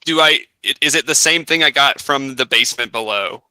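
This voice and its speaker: Very bright, smooth-voiced gamer man. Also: medium pitch, fairly quick, dry recording. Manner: rambling, full of fillers. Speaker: player. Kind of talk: playing a tabletop game.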